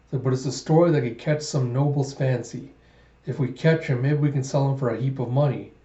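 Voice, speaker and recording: A man's voice: mid-range voice, fairly even intonation, brisk, warm tone, reverberant, lo-fi sound, natural voice. A man voicing a greedy bandit who talks casually about a scheme. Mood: scheming.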